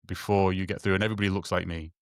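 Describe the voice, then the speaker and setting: A man's voice: sits low, level tone, dry recording, studio quality. A man telling a long personal story in casual conversation, stumbling over restarts and repeated words and acting out the dialogue. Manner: halting, many restarts and repeated words, acts out quoted dialogue.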